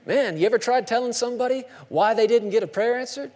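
A male pastor preaching a sermon with emphatic, dramatic swings between hushed lines and shouts. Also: extremely high pitch, fast, in a large hall.

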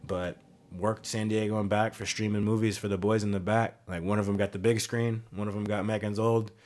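Thirtysomething guy hosting a podcast, kinda low voice, rambly and easygoing. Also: a little fast. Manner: relaxed, rambling, swears casually. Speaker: podcast host. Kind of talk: casual chat.

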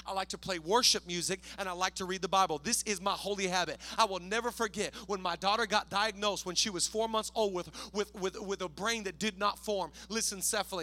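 A man preaching a sermon to a church congregation, moving from quiet, casual asides to loud, energetic climaxes and acting out biblical characters in slang. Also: high-pitched. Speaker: pastor. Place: church sanctuary.

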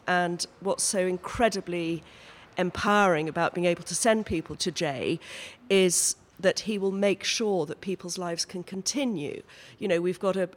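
A woman who works with cancer patients, speaking earnestly and emphatically on a panel. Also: lowish voice. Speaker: cancer care worker. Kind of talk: panel discussion.

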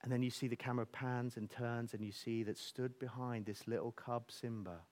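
Preaching at a moderate pace, this man tells his stories with animated energy. His pitch stays medium, and he drops to hushed, almost whispered tones to drive points home.

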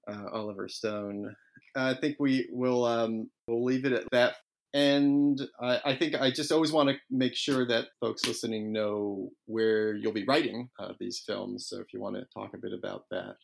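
Male podcast host, gravelly mid-pitched voice, friendly and casual. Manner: friendly, laughs easily, filler-heavy. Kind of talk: interview podcast hosting.

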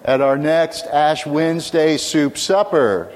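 A man's voice: mid-range voice, a little slow. An older man, a pastor, preaching a sermon with humorous storytelling and questions to the congregation. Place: church sanctuary. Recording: reverberant church hall.

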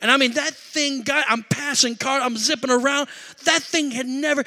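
A man preaching a sermon through a personal story, animated, shouting at the high points and dropping low for asides, in a large hall. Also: normal speed. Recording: echoey hall reverb.

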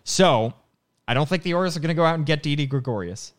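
Male podcast co-host, brisk and rambling, clean resonant tone. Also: fairly high pitch, animated. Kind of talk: casual sports podcast chat.

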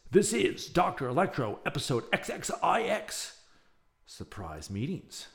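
A man's voice: fairly high pitch, creaky. A male podcast host chatting and reading a serialized story aloud, with chatty asides. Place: home, near an open window.

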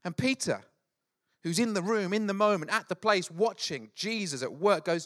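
A middle-aged man preaching a sermon, telling Bible stories in an animated, joking way with quick acted asides. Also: sits high. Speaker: pastor.

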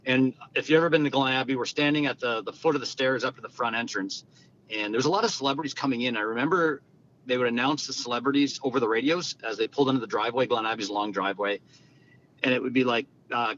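Guy telling stories, acts out the dialogue, muffled sound. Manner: animated, acts out quoted dialogue. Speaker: guest telling golf stories. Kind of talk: conversational storytelling. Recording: dull lo-fi sound with faint rumble.

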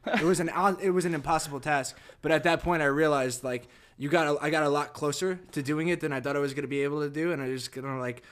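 A man's voice: on the high side, fairly even intonation, fast. A man in casual chat, rambling and restarting his sentences as he recalls boot camp.

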